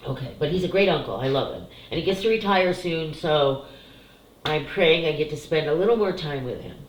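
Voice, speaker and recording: In a casual to-camera spiritual talk, a middle-aged woman psychic who does card readings opens up emotionally about family and spiritual cards, tearing up now and then and swearing liberally. Her deep voice moves a little fast. A roomy echo, light hiss or hum, and generally poor audio mark the clip.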